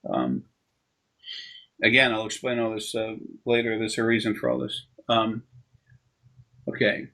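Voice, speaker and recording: A man's voice: lowish voice, flat delivery, a little slow, creaky, sharp tone. A man working as an energy healer, explaining things casually over a video call and drifting into long, rambling anecdotes. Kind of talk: casual explanation during a session.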